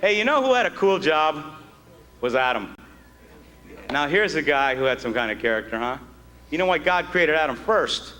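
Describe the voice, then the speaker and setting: A man's voice: a little high, very animated, moderate pace, pauses often, pushed and bright, big-room sound. A man doing stand-up comedy in front of a live audience, chatty and jokey with lots of asides. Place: stage before a live audience. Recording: live show with audience and noise.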